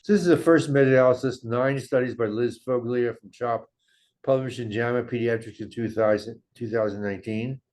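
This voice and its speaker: An older man giving a measured academic medical lecture, walking through slides of study data. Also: medium pitch, a little mellow.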